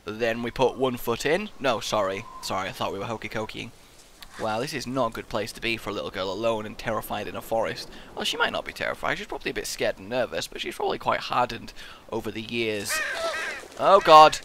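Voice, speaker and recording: Animated young man gaming. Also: lowish voice, fast, slight background noise. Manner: excitable, playful, talks to the game character. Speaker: gaming video host. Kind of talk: let's play commentary.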